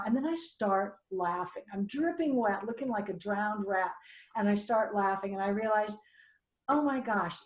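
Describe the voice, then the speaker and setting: A middle-aged woman co-hosting a talk show, telling a personal story in a lively way and acting out what she said back then. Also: medium pitch. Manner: animated, self-quoting, restarts mid-sentence. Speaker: co-host. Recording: roomy echo.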